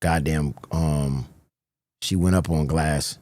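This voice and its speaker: A man streaming live, chatting casually to his viewers, excitable and swearing often, repeating himself. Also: very deep voice, slow, dry recording.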